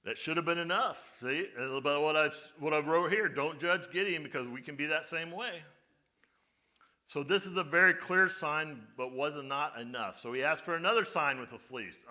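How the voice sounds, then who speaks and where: A man's voice: a little high, normal speed, bright, forceful tone. A male pastor giving a conversational sermon, often putting rhetorical questions to his congregation.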